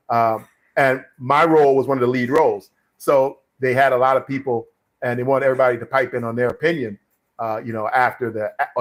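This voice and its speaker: A middle-aged man hosts a casual live stream from his home studio, chatting about acting. He rambles through anecdotes with plenty of fillers and restarted phrases. His voice sits at an ordinary middle pitch. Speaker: live stream host, actor.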